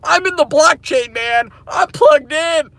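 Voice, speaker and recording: Excitable, slangy guy vlogging to camera; high, gravelly voice, laughs a lot. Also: takes it slowly, no echo. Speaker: crypto mining vlogger. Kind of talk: casual rant to camera.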